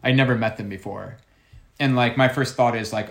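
A man who works as a circus juggler tells a story in a lively, conversational way. His phrases stop and restart, and he often repeats words as he goes. His voice sits in an ordinary middle range. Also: medium pitch, moderate pace, gravelly.

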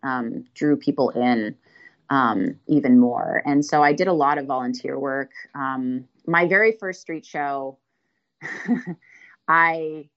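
Low-voiced woman, chatty storyteller. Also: slow, fairly bright tone, muffled recording. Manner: chatty, laughs often, self-deprecating. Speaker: street performer guest. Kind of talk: casual interview storytelling.

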